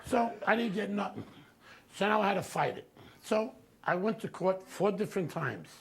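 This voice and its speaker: Brash New man, raspy high voice, profane stand-up storyteller. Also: expressive, normal speed. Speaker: comedian storyteller.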